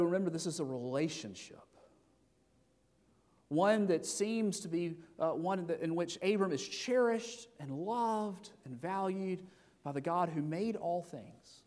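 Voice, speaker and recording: A middle-aged male pastor preaches in a relaxed, conversational way, putting questions to his listeners and restarting his phrases. His voice sits fairly high for a man. It rings with a long reverb, as in a large hall. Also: measured pace. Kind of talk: sermon.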